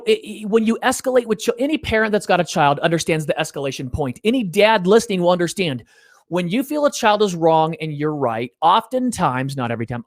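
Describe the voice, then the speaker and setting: A middle-aged man whose voice sits high discusses his parenting experiences as a guest in a conversational interview. He's a lively storyteller who voices the people he quotes, and the sound is clean studio audio with no room sound.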